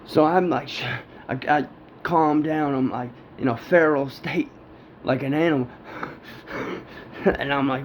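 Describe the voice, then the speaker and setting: A man's voice: on the high side, measured pace, long pauses. A man telling a personal story in a rambling, profane way, often laughing. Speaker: storyteller recounting a personal encounter. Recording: dull lo-fi with faint background noise.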